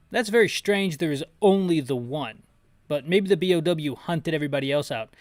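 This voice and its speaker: A man describes a video game's scenes in detail, chatty and joking, often restarting his sentences. His voice sits a little high for a man. The sound is close and dry. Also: moderate pace, dry recording. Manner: chatty, jokey asides, frequent restarts. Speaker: channel host describing a game. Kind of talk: audio description and commentary.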